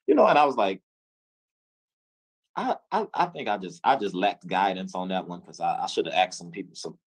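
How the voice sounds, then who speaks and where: A man from Memphis, telling his story as an interview guest, acting out dialogue with halting restarts. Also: deep voice, animated, rough recording. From Memphis, USA. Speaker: interview guest, music executive.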